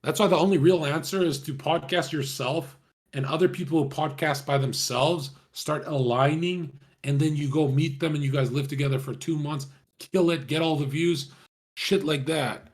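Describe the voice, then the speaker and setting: A man's voice: fairly high pitch, moderate pace. Young man, casual stream chat, slangy, swears a lot, rambling.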